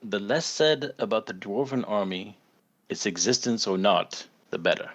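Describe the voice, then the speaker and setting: A man voicing a calm, diplomatic townsman in a measured way. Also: lowish voice. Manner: measured, slow.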